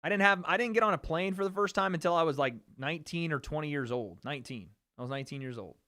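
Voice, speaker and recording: This livestream host is a man with a quick, sharp, fairly high voice and a light Southern American accent. Casual and animated, he boasts a lot and curses without restraint.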